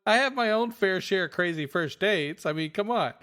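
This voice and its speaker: Smooth, higher-voiced man chatting. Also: expressive, moderate pace, bright, forceful tone. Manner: easygoing, reacts with laughs and agreement. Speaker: podcast co-host. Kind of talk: casual chat.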